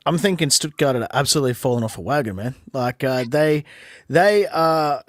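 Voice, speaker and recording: A man's voice: medium pitch, animated, moderate pace, no room sound, studio quality. A man, co-hosting a football podcast and telling stories while laughing along. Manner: laughs at own anecdotes, storytelling. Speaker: podcast co-host. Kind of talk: casual football chat.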